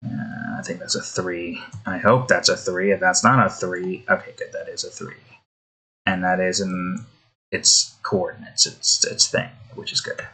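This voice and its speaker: Casting: a slow, bright-toned male game streamer, rambling and sweary, full of restarts. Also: deep voice, fairly even intonation. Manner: rambling, self-interrupting, swears often. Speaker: game content creator. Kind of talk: gameplay commentary. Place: indoors.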